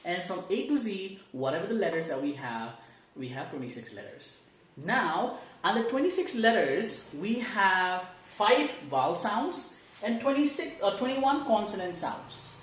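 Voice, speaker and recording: A woman's voice: lowish voice, roomy sound. A woman training learners in English pronunciation, explaining step by step, asking rhetorical questions and modeling sounds aloud for them to repeat. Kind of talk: online teaching lesson.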